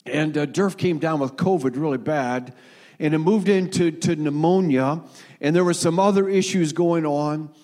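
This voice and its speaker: A man in his sixties, a pastor, preaching a sermon in a church, telling stories earnestly and slowing down to quote scripture. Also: on the high side, darkish tone. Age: 60s.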